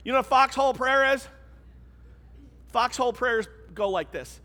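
A man's voice: very high voice, normal speed, bright, forceful tone. A man pastor preaching a sermon in a church, in a conversational, emphatic way. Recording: long reverb of a large hall.

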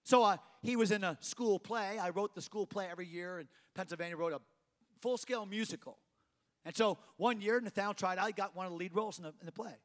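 A middle-aged man preaching a sermon, emphatic, swinging from loud to quiet and repeating phrases for effect. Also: high voice, fast talker, long reverb tail.

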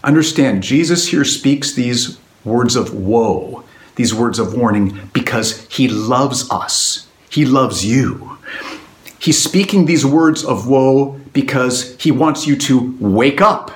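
Earnest preacher in an echoey church. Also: male voice, animated. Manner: earnest, slows down and drops low on solemn words. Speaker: pastor. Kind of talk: expository sermon.

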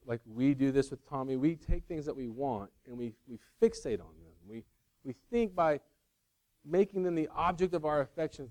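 A man's voice: on the high side, a little mellow. A man preaching a sermon as pastor, conversational and loose, often stopping to restart his sentences. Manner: conversational, self-interrupting, acts out movie scenes.

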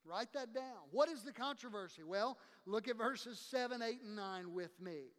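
A man's voice: high-pitched, expressive, normal speed, a bit bright, in a large hall. A man preaching a sermon as a pastor, impassioned and emphatic, acting out the voices of the people he quotes.

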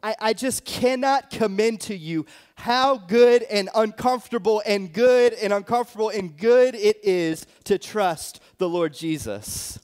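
Young male pastor, slightly high voice, casual sermon testimony, lots of filler words. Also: unhurried, a little mellow. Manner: conversational storytelling with many fillers.

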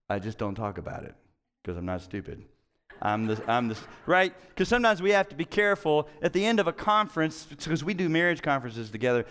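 A middle-aged male pastor preaching in a conversational, storytelling way with self-mocking humor. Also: on the high side. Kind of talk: sermon.

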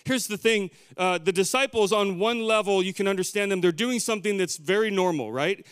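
Male pastor, sermon, high voice, dry sound, conversational with joking tangents. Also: brisk, clear, resonant tone, dry recording. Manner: conversational preaching with asides and playful tangents.

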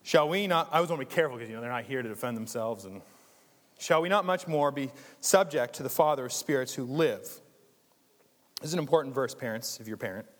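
A man preaching a sermon in a church, conversational and animated, with jokes and asides. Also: mid-range voice, quick pace, long reverb tail. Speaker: pastor.

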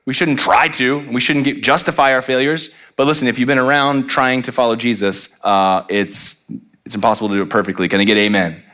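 A man's voice: mid-range voice, steady tone, a little fast, pushed and bright. A middle-aged man preaching a sermon as pastor, conversational and playful, acting out little quoted voices.

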